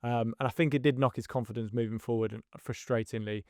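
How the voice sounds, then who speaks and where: A man co-hosting a podcast, calmly recounting a kids' football tournament in a reflective, easygoing way. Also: medium pitch, fast talker, clear, resonant tone, dry recording, studio quality. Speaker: podcast co-host and youth football coach. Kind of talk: casual podcast chat.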